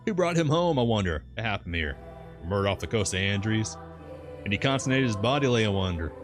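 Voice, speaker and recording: A man's voice: on the low side, expressive, brisk, music in the background, close to an everyday voice. A man voicing a garrulous old seaside sailor who grumbles in a thick rustic dialect. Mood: insistent. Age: older.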